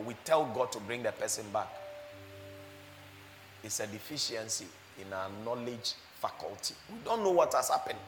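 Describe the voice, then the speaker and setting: A man preaching a sermon as pastor, animated, laughing often and asking his listeners rhetorical questions. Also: medium pitch, in a large hall, a little hiss or hum.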